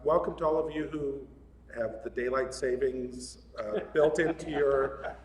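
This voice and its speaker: A man's voice: medium pitch, measured pace. Male preacher, conversational and jokey, mid-range voice; reverberant hall, distant mic. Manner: chatty, laughs often. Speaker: guest speaker at a spiritual center. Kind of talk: casual, joking sermon. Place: large hall of a spiritual center. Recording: echoey hall, mic at a distance, faint room noise.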